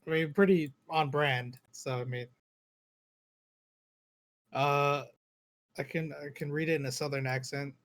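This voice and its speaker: A casual male player at a game table, easygoing and agreeable, with a fairly high voice. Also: steady tone, a little slow, long pauses.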